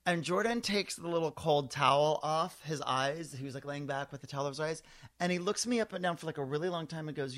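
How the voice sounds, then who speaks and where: A man in his forties spins a story in casual conversation, his voice sitting a little high for a man. He talks with lively energy and slips into the voices of the people he describes. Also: normal speed. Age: 40s. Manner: animated, acts out voices in his anecdotes.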